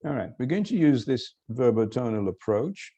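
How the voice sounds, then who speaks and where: An older man lecturing online as a professor, explaining slowly and quizzing his students. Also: mid-range voice, sing-song, mellow, breathy edge, highs cut off. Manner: explanatory, questioning students, self-correcting.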